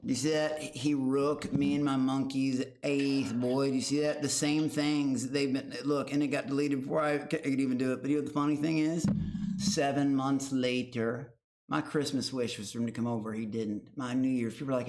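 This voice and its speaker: A man reacts to a show on his livestream in a loose, rambling way. He swears constantly and mocks his chat in a sneering tone. His voice sits in an ordinary middle pitch. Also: level tone, normal speed, a little mellow. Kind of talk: casual livestream commentary.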